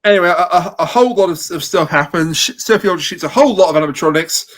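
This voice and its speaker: A man with a notably high voice, chatting casually on a review podcast. He jokes freely and keeps stopping to restart his sentences. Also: fairly bright tone. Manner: joking, halting with restarts. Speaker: podcast co-host.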